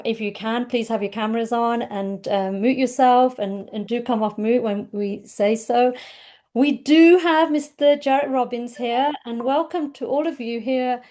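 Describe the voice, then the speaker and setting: A woman's voice: fairly high pitch, a little mellow. A woman hosting an online group session over a video call, upbeat and welcoming, chatting with fillers. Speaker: host.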